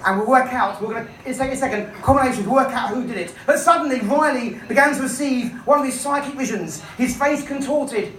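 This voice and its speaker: A woman's voice: high voice, fast, few pauses, a bit bright, a little hiss or hum. A woman magician and comedian telling a comic story to a live audience, playful and coaxing a volunteer along. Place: comedy club stage. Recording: echoey room, voice from far off.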